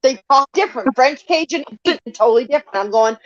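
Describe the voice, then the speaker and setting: A woman in casual chat, animated and full of "like", acting out what she said to people. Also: sits high, fast talker, no echo. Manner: animated, lots of "like", acts out quotes. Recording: dry, dull lo-fi audio.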